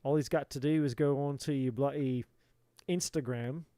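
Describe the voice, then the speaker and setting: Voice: mid-range voice, steady tone, normal speed, dark tone, no room sound, studio quality. A tarot reader giving a live reading in a playful put-on British accent, swearing and exasperated in a theatrical way.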